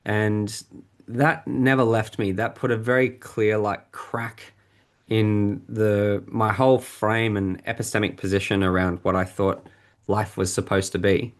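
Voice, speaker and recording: A man with a fairly low voice shares a candid story from his own life as a podcast guest. He talks reflectively, pausing and restarting as he searches for the right words. He is speaking into a podcast mic. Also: little pitch movement.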